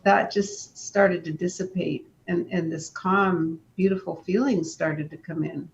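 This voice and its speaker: A woman speaks slowly and reflectively as an interview guest, her voice touched with creak and gravel. The recording sounds dull and lo-fi, with a faint low rumble underneath. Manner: calm and unhurried, with frequent restarts. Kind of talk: reflective personal storytelling.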